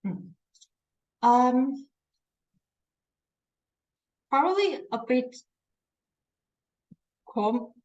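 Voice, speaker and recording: A woman's voice: a little high, a little mellow, dull audio. A woman teaching a language lesson who explains patiently, repeats words for practice and often corrects herself mid-sentence. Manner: self-correcting, searches for words.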